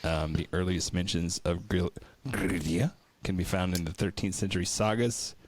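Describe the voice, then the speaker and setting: A man's voice: sits low, moderate pace. A man co-hosting a podcast in casual chat, reading folklore notes aloud, swearing, joking and stumbling over words. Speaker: podcast co-host.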